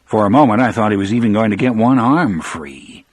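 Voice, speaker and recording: Male audiobook narrator, low and husky, lively pitch, dramatic storytelling. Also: a little fast, dry recording. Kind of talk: first-person audiobook narration.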